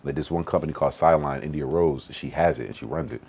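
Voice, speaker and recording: A man's voice: very deep voice, vocal fry, slightly rough. A young man from Western Massachusetts, a podcast guest talking casually and animatedly with plenty of slang. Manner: fast, animated storytelling with slang. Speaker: podcast guest, event organizer.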